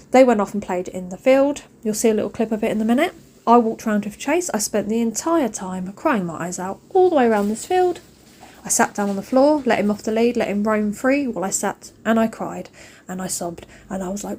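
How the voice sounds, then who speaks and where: A woman's voice: medium pitch, darkish tone, breathy edge. A British woman, a mum vlogger in her thirties, ranting casually and emphatically, repeating phrases for effect. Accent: British English. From United Kingdom.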